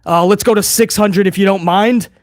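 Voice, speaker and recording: Excitable man on a live reaction stream. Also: high voice, moderate pace, no room sound. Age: older adult fan. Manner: excitable, casual, swears, calls viewers bro. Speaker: livestream host reacting to wrestling.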